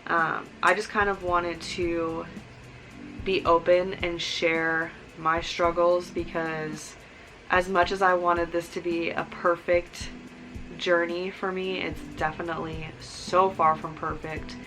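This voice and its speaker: A woman's voice: on the low side, little pitch movement, slow pace, fairly bright tone, soft background music, poor audio. A young woman, a new mother, talking earnestly in a casual vlog, rambling with fillers and near tears. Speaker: vlogger, new mom. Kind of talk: casual heartfelt vlog talk.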